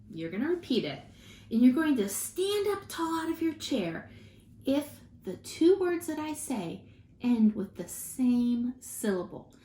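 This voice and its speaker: Casting: female teacher, lively sing-song delivery, echoey room with light hiss. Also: fairly high pitch. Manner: slow, encouraging, drawn-out word modeling. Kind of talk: phonics lesson for young children.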